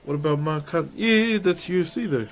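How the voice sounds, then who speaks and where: A man's voice: on the high side, expressive, a little fast. A man chatting casually on a live stream while woodcarving, laughing often and greeting viewers. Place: carving workshop.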